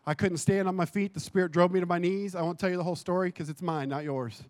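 A man giving a sermon as pastor. He talks casually and corrects himself, then builds to impassioned shouting. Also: sits high, steady tone, fast, dry recording, clean studio sound. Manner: impassioned preaching that swells to shouting; conversational and self-correcting, with jokes.

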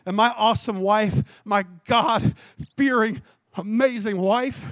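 A man, a pastor, preaching a sermon and telling a personal testimony, with animated storytelling that repeats phrases for emphasis. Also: sits high, slow, dry recording.

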